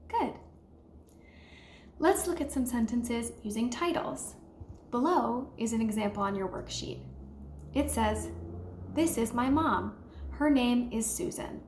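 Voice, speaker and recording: Patient woman teacher going really slow, says words for you to repeat, echoey room. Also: on the high side, expressive, slight background noise. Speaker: language teacher. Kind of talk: slow guided language lesson. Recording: echoey room with faint ambience.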